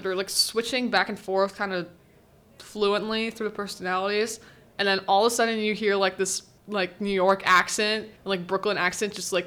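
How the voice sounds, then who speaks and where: Student podcast host, young woman, casual and giggly, average pitch. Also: a bit bright. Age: teens. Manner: chatty, laughs often, quotes characters in little voices. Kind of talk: casual solo recap chat.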